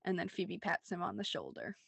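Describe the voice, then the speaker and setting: A woman's voice: fairly low pitch, wildly swooping pitch, brisk, vocal fry, a bit bright, husky, no echo. A young woman co-hosting a rewatch podcast, recapping scenes in casual chat, laughing often and saying "like" a lot. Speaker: podcast co-host.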